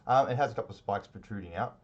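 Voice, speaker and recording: A man narrating a tabletop game as game master, in a relaxed, rambling way with many fillers. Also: lowish voice, rapid-fire, muffled recording.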